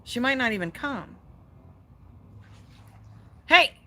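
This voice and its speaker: This woman, a tarot reader and psychic from Las Vegas, USA, speaks in a mid-range, fairly bright voice at a slightly fast clip. She's doing a casual poolside tarot livestream outdoors, chatting away, cursing freely and stopping now and then to address her dog.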